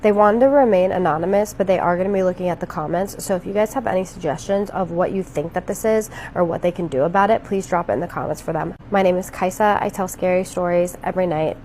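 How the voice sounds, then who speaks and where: Lowish woman doing a chatty horror storytime, draws out the spooky bits. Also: fast talker, few pauses, darkish tone, a little hiss or hum.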